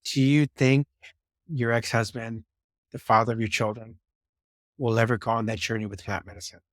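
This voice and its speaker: A man's voice: mid-range voice, level tone, moderate pace, a bit bright, no echo, studio quality. Encouraging male podcast host. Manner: encouraging, emphatic, repeats words. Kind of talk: conversational interview.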